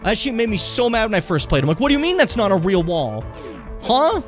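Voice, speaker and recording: Animated swearing male game streamer. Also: high-pitched, brisk, faint music behind. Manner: animated, profane, rambling. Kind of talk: casual live-stream commentary.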